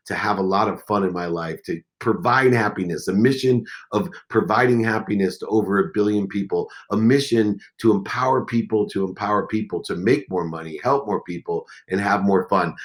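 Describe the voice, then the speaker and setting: Man in his forties, low voice, podcast guest, intense storytelling, shifts from hushed to loud. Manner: intense, swings between quiet and loud. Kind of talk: emotional storytelling.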